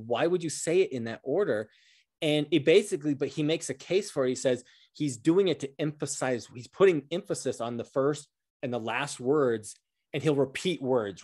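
A man co-hosting a podcast in casual political chat, halting and repeating words as he thinks aloud. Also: mid-range voice, darkish tone. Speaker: podcast co-host.

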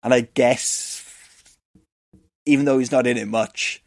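A man's voice: mid-range voice, steady tone, unhurried, dry recording. A man co-hosting a podcast, casually recapping a film with restarts and laughs. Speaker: podcast co-host. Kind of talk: casual movie-recap chat.

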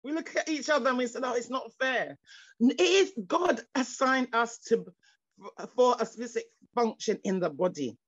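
Over dull, lo-fi video call audio, a dry recording, a woman with an expressive, fairly high voice preaches fervently at normal speed. Her sermon is repetitive, full of stumbling restarts, and rises into exclamations of praise.

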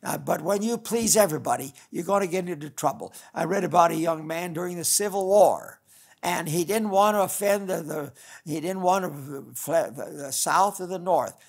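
Gravelly older man preaching a folksy sermon. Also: fairly high pitch, normal speed. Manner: folksy, rambling preaching with restarts. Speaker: pastor.

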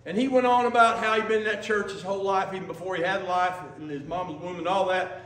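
A male pastor preaching a sermon in a lively, conversational storytelling manner. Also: high-pitched, quick pace. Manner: lively, conversational, acts out quotes. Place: church sanctuary. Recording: echoey church from a distance.

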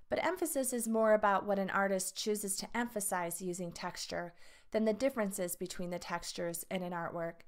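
Female art teacher, reads test items and lesson text to her class, average pitch. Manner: reads questions and answer choices aloud, adds asides to students. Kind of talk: reading a test review and lesson aloud.

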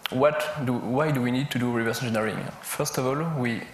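A man with a French accent giving a technical conference talk, halting as he searches for words and lists examples. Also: medium pitch. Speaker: conference speaker. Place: large conference hall. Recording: echoey lecture hall with a faint hum.

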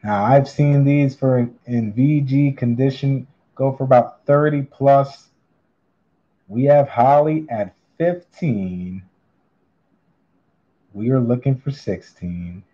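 A man running a live online coin auction, calling bids in a drawn-out, upbeat patter. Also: mid-range voice, highs cut off.

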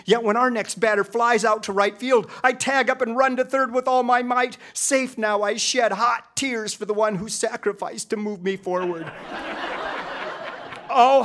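A middle-aged man tells a comic story with wry timing and mock-epic grandeur. His voice is high and swells dramatically at its peaks. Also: fairly bright tone, slight background noise.

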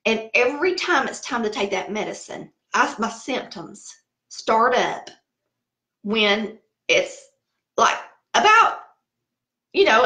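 A woman's voice: a little high, bright, forceful tone, reverberant. A middle-aged woman with a Southern American accent, chatting casually and telling stories while laughing at herself. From Southern United States. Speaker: cooking channel host. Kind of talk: casual chat.

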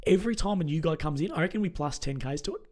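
A young Australian man telling stories in a relaxed chat, with lots of fillers. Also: fairly high pitch, rapid-fire. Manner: chatty storytelling, many fillers. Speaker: host. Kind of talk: casual chat.

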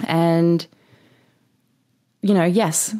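A young woman tells a story in a loose, rambling vlog style. Her voice sits low, and she fills it with "like" and casual swearing. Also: fairly even intonation, very slow, mellow. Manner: rambling, swears freely, says "like" constantly. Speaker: vlogger.

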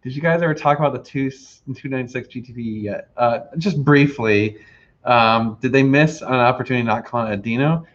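A man's voice: medium pitch, a little fast. A man, hosting a casual livestream chat and rambling with lots of fillers. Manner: relaxed, rambling with many fillers. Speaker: host. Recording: slightly dull lo-fi audio.

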